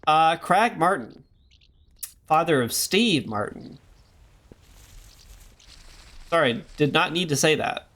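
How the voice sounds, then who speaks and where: A man's voice: a little high, lively intonation, a little slow, fairly bright tone. A man streaming a game, talking in rambling casual commentary full of jokey asides. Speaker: gaming streamer.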